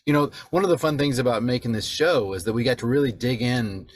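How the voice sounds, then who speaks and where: A man's voice: medium pitch, fast. A man, an author and father, talking casually and self-deprecatingly, laughing as he speaks. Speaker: author guest. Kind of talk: casual chat.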